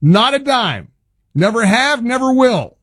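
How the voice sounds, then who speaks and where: A man's voice: very high voice, big pitch swings, a little slow, fairly bright tone, dry recording, clean studio sound. A man hosting a talk radio show, delivering an exasperated, rambling monologue.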